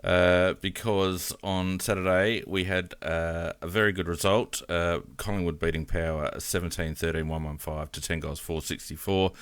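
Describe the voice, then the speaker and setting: A very low-voiced Australian man runs a casual footy chat and gives blunt opinions between plenty of ums and uhs. His voice sits close and dry on the mic, with no room sound at all. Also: level tone, normal speed, few pauses, a bit bright, smooth, dry recording. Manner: opinionated, hesitant with many fillers. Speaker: podcast host.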